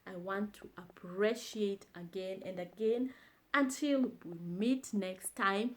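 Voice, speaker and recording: Slow, deliberate woman teaching. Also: medium pitch. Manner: repeats each phrase slowly and deliberately, encouraging. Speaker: language teacher, channel host. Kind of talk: slow, repetitive vocabulary lesson.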